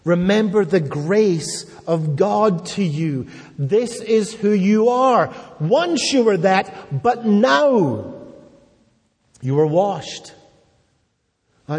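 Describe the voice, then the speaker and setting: A man's voice: a little high, a little mellow, husky. A man preaching a sermon as a pastor, building emphasis through repeated phrases. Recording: long hall reverb.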